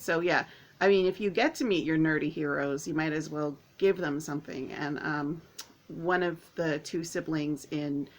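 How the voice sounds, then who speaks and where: A woman vlogging to camera at home, chatting casually in a rambling, excitable way with lots of fillers. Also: low voice, creaky. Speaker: author and vlogger.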